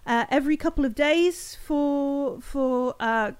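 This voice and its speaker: Fawning, halting male stall keeper, voiced by a woman, high and eager. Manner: flattering, halting. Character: fawning middle-aged male cafe stall owner.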